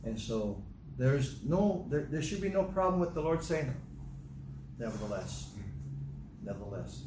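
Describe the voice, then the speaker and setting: Older male pastor, lively sermon delivery with acted-out dialogue; echoey, noisy recording. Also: a little high, normal speed. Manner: animated, acts out dialogue in different voices. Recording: echoey room with noticeable noise.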